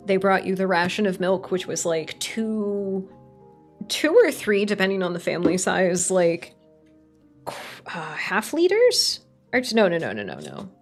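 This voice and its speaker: A woman's voice: on the low side, creaky. A woman streamer in casual, rambling chat while crafting on stream, swearing now and then and poking fun at herself. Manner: rambling, sweary, self-mocking.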